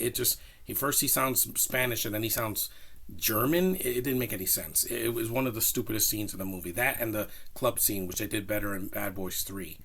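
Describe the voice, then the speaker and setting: A man with a slightly low voice talks through a film review in a loose, casual way. He rambles, restarts, and gets animated when he pushes his opinions. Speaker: movie reviewer.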